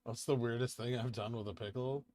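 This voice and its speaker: A man's voice: medium pitch, steady tone, brisk, darkish tone. A man hosting a casual livestream, reading viewer questions aloud and answering them, saying he is getting tired. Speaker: livestream host reading chat.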